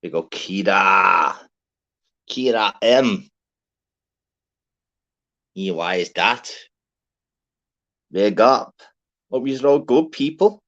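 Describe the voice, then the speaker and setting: A man hosting a live stream, giving rambling, swear-filled shout-outs to listeners in a casual chat. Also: on the low side, expressive, drawn-out words, pauses often. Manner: chatty, swears freely, rambling. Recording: dull lo-fi sound.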